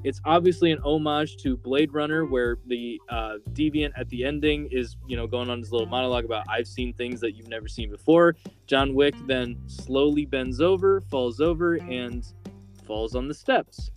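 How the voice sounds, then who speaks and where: A man's voice: medium pitch, normal speed, faint music behind. A man hosting a podcast, casually recapping a film's plot with lots of filler words. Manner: rambling, filler-heavy storytelling. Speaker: podcast host.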